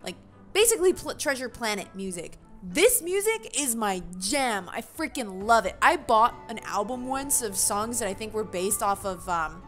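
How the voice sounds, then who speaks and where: A woman's voice: mid-range voice, animated, moderate pace. Chatty woman playing a game. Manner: chatty, giggly, self-mocking asides. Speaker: game streamer. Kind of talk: casual gameplay commentary. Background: soft game music.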